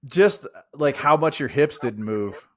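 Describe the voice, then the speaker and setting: A man's voice: a little high, lively intonation, takes it slowly. A man co-hosting a casual podcast, speaking in an easygoing, teasing manner. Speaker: podcast co-host.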